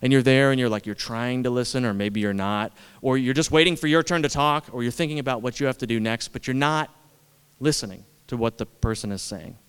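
A man delivers a sermon in a relaxed, conversational way, often laughing at himself and leaning on repeated words. His voice is smooth and resonant. The sound carries a long reverb from a large church hall. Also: mid-range voice, brisk. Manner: conversational, self-deprecating, repetitive for emphasis. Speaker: pastor.

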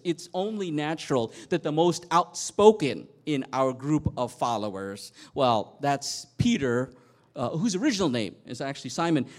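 A man preaching a sermon, telling a Bible story with animated storytelling and dramatic swings in loudness. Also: fairly high pitch. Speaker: pastor.

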